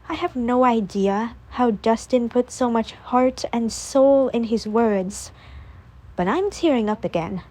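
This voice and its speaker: A woman narrating a first-person audiobook in a calm, measured reading voice. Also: fairly high pitch.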